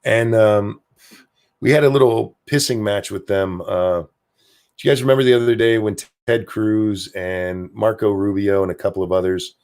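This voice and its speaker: A man with a lowish voice talks loosely on a home livestream, drifting between thoughts and swearing offhandedly. He reads viewer comments aloud and answers them in an easygoing, unscripted way. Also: fairly even intonation, normal speed, a little mellow. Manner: rambling, profane, offhand. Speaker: livestream host. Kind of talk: casual livestream chat, reading viewer comments.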